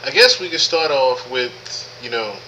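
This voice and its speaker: A man's voice: mid-range voice, animated, moderate pace, pushed and bright, a little hiss or hum, low-quality recording. A man hosting a live podcast stream, talking casually with lots of profanity, repeating himself and greeting chat viewers by name. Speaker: podcast host.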